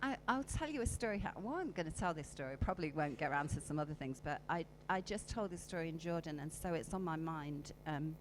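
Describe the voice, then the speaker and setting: A woman's voice: deep voice, lively intonation, quick pace, few pauses, slight background noise, low-quality recording. A woman giving a live workshop talk, coaxing her audience through exercises and acting out emotions with her voice. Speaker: conference speaker. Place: conference hall.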